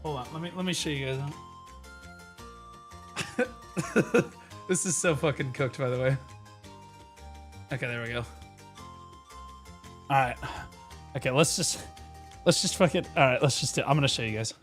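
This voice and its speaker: Excitable man with a bright voice. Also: medium pitch, measured pace, long pauses, faint music behind. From United States. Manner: rambling, excitable, full of restarts and sudden shouting bursts. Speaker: streamer. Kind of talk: casual live-stream chat.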